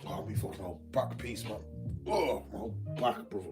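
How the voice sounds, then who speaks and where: Music plays in the background as a man hosts a casual livestream, talking with his chat in slangy language full of swearing. His voice is fairly low and creaky, his intonation lively, and his pace moderate.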